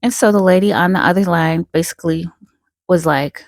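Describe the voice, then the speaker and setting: A woman's voice: fairly low pitch, fairly even intonation, normal speed, no room sound. A woman hosting her channel, telling a story in a chatty, loose way full of fillers. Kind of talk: casual spoken storytelling.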